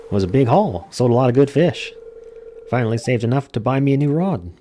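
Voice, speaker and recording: A man's voice: mid-range voice, animated, fairly quick, mellow, a little hiss or hum, voice pushed up, natural voice. A man voicing a hearty old fisherman with a wobbly sailor's accent that drifts from place to place. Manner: wobbly sea-dog accent drifting between regions.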